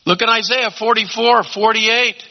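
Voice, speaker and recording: A man preaching a sermon as pastor, emphatic, swinging between loud urging and quiet asides. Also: sits high, steady tone, unhurried. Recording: dull lo-fi sound.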